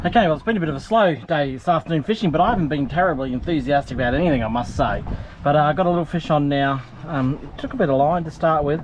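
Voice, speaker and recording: A man's voice: a little high, fast, a little hiss or hum. A man vlogging from his small fishing boat outdoors, chatty and self-mocking, rambling with fillers. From Australia. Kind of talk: casual vlog narration.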